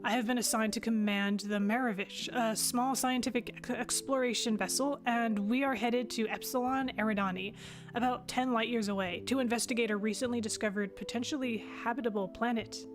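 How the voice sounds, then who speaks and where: A woman playing an earnest young starship captain in a sci-fi game, recording her log in a fairly high, sincere voice. Music plays steadily behind her. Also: fairly even intonation, brisk, close to an everyday voice. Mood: reflective. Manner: earnest first-person log narration.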